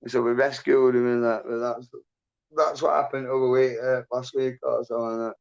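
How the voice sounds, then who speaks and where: A man's voice: medium pitch, level tone, moderate pace, vocal fry, a little mellow, smooth, lo-fi sound. A man hosting a livestream, telling a rambling story in casual chat, swearing constantly and laughing as he goes. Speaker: livestream host.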